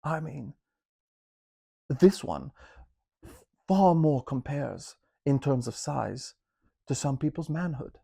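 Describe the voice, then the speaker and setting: A man talking casually to camera from his home listening room, reviewing speakers with chatty joking asides and drawn-out emphasis. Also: a little high, vocal fry, mellow, slightly rough.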